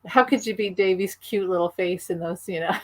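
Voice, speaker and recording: A woman's voice: mid-range voice, normal speed, no echo. A woman co-hosting a casual chat, enthusiastic and talkative, laughing often. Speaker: podcast co-host.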